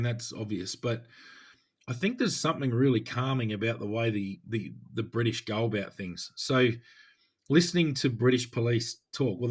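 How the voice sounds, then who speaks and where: An Australian man co-hosting a podcast, a police officer chatting in a relaxed, rambling way with frequent restarts. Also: mid-range voice, husky. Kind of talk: casual chat.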